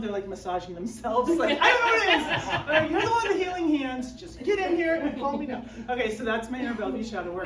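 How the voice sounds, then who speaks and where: A woman performing a self-mocking stand-up set at a small live comedy show, acting out her own whiny inner voice. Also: medium pitch. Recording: roomy live room, mic a bit distant, faint background noise. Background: audience laughter.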